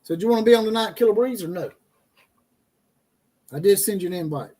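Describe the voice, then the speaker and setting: A man's voice: sits high, fast, dark tone. A man hosting a casual college football livestream, mocking teams and players with profane jokes, reading out chat comments and laughing at his own lines.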